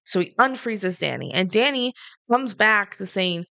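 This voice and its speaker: Kobieta z chrypką w głosie, suche nagranie. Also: female voice, medium pitch, unhurried, vocal fry, no echo. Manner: animated retelling, acting out characters' lines. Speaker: podcast co-host. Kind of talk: casual movie recap chat.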